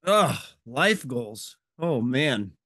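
A man's voice: mid-range voice, big pitch swings, extremely slow, pushed and bright, no echo, studio quality. A man in his forties, a podcast guest, chatting in a laid-back way and often saying man and dude. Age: 40s. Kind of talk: casual chat.

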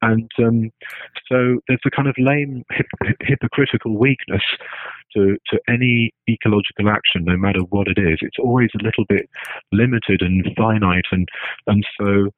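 Low-voiced man thinking aloud with stops and restarts, dry phone-line sound. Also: fairly even intonation, normal speed, dry recording. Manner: hesitant, restarts often, keeps asking "right?". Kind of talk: casual spoken musing.

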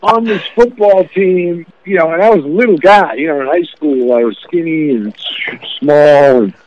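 A middle-aged man tells an animated story from his youth, laughing along. His voice sits a bit high. The sound is muffled and lo-fi, like a call line. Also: normal speed, a little hiss or hum. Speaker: actor guest. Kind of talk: casual storytelling. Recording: dull lo-fi phone line.

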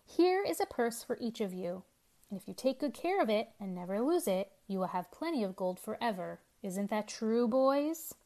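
A woman's voice: on the high side, very animated, moderate pace, a little mellow. A woman voicing a lordly, grinning male pumpkin in a storybook reading. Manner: lordly, grand.

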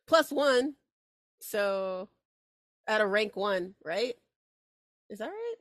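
A woman's voice: medium pitch, lively intonation, takes it slowly, a bit bright, no room sound, clean studio sound. A woman playing a tabletop game, talking hesitantly with lots of ums and likes, and giggling now and then. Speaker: player. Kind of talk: casual tabletop game play.

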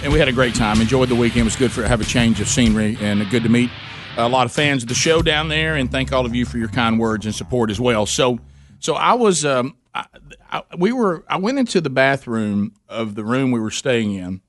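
A man's voice: fairly quick, over music. A man hosting a radio show, telling a story and acting out the voices of his family. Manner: animated, acts out voices of family in his story, climbing in pitch.

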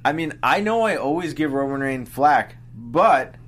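A man's voice: on the high side, measured pace. A man from Philadelphia co-hosting a podcast, chatting casually and often trailing off mid-thought. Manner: animated, trailing off, restarts. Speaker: podcast co-host. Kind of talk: casual chat.

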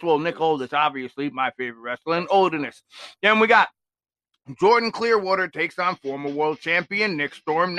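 A man hosting a casual radio watch-along, chatty and rambling with lots of fillers and sudden bursts of excitement. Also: a little high, dry recording. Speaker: podcast host.

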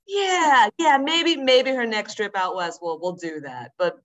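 A woman's voice: fairly high pitch, animated, takes it slowly. A woman from the US East Coast, a podcast guest chatting casually and laughing often. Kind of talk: casual chat.

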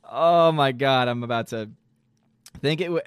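A man casually live-streaming, reading chat aloud and reacting in an animated way, throwing in lots of "dude" and "man.". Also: mid-range voice, a little slow, clean tone, no room sound, dull audio. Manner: animated, exclaiming, says "dude" and "man" a lot.

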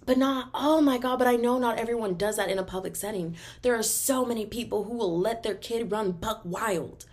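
A young adult woman from Texas with a Texan accent, hosting a podcast in a casual, animated solo rant full of fillers. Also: fairly high pitch. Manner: animated, exasperated, talks fast with many fillers. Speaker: podcast host.

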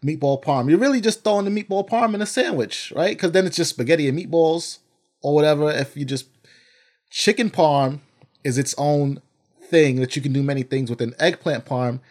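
A man's voice: a little high, moderate pace, a little mellow. A man co-hosting a podcast, arguing his point insistently in casual chat. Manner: argumentative, makes his case insistently. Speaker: podcast co-host.

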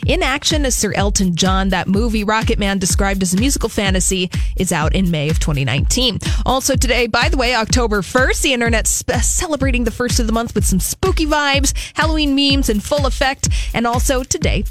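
A woman reads the day's trending items on a radio show. Her voice is slightly high and her delivery is brisk and informative. Faint music plays quietly underneath her. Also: expressive. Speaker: radio show news reader. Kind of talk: reading trending news on radio.

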